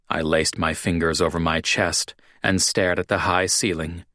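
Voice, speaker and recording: A man narrating a romance audiobook in the first person, with measured, even storytelling. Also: low voice, no echo, clean studio sound.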